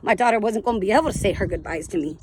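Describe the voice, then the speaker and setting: A woman's voice: mid-range voice, racing, darkish tone, slight background noise. A woman in her thirties candidly telling her addiction and recovery story in a raw, blunt, emotional way, swearing freely. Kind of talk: candid testimonial vlog.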